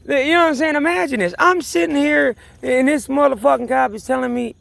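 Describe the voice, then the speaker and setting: Gravelly, high-voiced man ranting. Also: normal speed, few pauses, a bit bright, no room sound. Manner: agitated, profane, repeats himself, many restarts. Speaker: vlogger. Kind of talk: rambling personal rant to camera.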